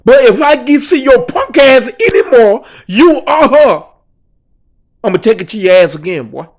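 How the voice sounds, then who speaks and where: A man voicing a menacing male gang enforcer who shouts cursing threats. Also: very high voice, very animated, moderate pace, pitched above the performer's own voice, full character voice. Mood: threatening.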